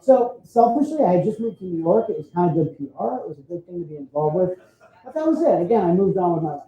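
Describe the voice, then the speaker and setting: On an expo hall stage, a male photographer tells stories in a chatty presentation, frequently tagging his points with "right?" His high, sing-song voice moves fast and has a dark tone, and the sound is roomy and dull.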